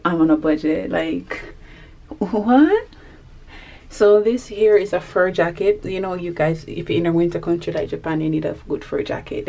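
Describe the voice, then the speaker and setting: A woman's voice: lowish voice, a little mellow. A young adult woman chatting casually in a vlog, playful and slangy, laughing often while out shopping. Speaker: vlogger. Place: clothing shops and city streets.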